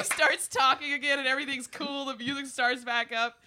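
A woman, telling a road story in casual podcast chat, animated and laughing as she acts out the people in it. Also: sits high, fairly quick, hardly any pauses, very noisy. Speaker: podcast guest, musician.

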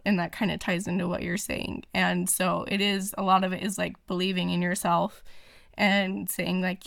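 A woman's voice: lowish voice, little pitch movement, moderate pace, gravelly, a bit bright, dry recording, clean studio sound. A woman talking casually as a podcast guest, chatty and full of fillers and restarts. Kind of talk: casual interview chat.

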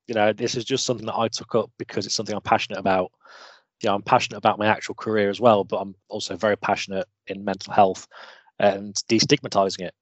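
A man's voice: on the low side, no echo, low-quality recording. A British man speaking openly and earnestly as an interview guest, in a candid, self-deprecating way. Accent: British English. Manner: open, earnest, self-deprecating, many restarts. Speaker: interview guest, mechanical engineer.

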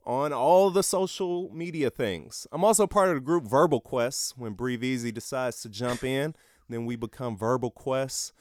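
A man's voice: medium pitch, normal speed, a little mellow, no room sound, studio quality. A man who is a father and rapper, speaking as a podcast guest in an earnest, heartfelt way and laughing easily. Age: adult, a father. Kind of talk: casual conversation.

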